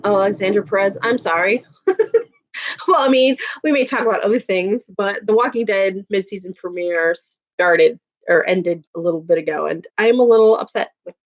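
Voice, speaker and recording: A woman's voice: mid-range voice, moderate pace, highs cut off. A woman hosting a casual livestream, chatting with viewers, venting and laughing often. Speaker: livestream host reading chat.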